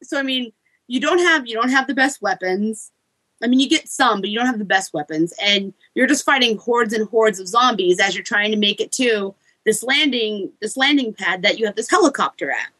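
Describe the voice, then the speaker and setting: A woman co-hosting a casual game podcast, retelling scenes in a chatty way and slipping into quick mock voices. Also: a little high, pushed and bright, dry recording, rough recording. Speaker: podcast co-host reviewing a game. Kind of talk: casual chat.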